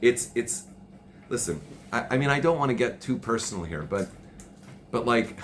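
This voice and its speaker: A man's voice: medium pitch, expressive, moderate pace. A middle-aged man hosting a casual chat, talking passionately, raising his voice and repeating himself. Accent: Jewish Orthodox Hebrew and Yiddish terms. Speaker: podcast host. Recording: faint background noise.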